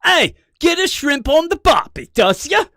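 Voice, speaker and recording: A man voicing a brash comic Australian tough guy in a loud, exaggerated put-on accent. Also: extremely high pitch, very animated, measured pace, no room sound, studio quality, pitched above the performer's own voice, exaggerated voice. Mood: rowdy.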